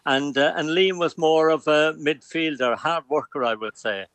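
A man's voice: fairly high pitch, moderate pace, no room sound. Older Galway man telling stories on the phone. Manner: warm storyteller, rambling with fillers. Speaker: phone-in guest, club president. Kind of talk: telephone interview. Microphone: phone line.

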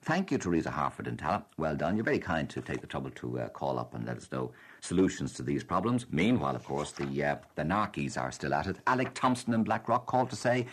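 A man's voice: very deep voice, fast talker, husky. A man with an Irish accent hosting a radio show, reading listeners' letters aloud and answering them wryly. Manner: wry, reads letters with lively expressive delivery. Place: radio studio.

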